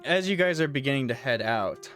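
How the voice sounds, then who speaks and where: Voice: medium pitch, animated, fairly quick, fairly bright tone, faint music behind. A game master narrating a tabletop game, laughing often and rambling with fillers.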